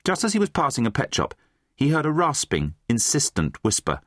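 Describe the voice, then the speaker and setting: A man's voice: mid-range voice, brisk, no room sound, clean studio sound. A man narrating a children's fantasy audiobook, reading expressively. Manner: expressive, voices many characters. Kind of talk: scripted storybook narration.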